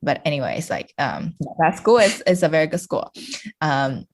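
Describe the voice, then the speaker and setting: Low-voiced woman from china, podcast guest, chatty, lots of um and like, laughs a bunch. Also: sing-song, normal speed, a little hiss or hum. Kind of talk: casual podcast chat.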